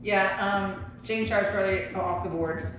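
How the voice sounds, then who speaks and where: A woman's voice: medium pitch, fairly even intonation, normal speed, fairly bright tone, soft background music. A woman co-hosting a casual live chat, chatty and full of "like". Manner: chatty, says "like" often. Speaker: co-host. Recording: echoey room, far mic, crowd behind.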